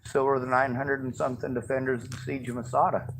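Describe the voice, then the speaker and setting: A man's voice: medium pitch, level tone, fast talker, creaky. A man in casual talk outdoors, explaining history and cracking wry jokes. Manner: lecturing, wry, joking. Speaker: conversation participant. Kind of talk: casual chat. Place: outdoors near a street. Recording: noisy outdoor recording with traffic.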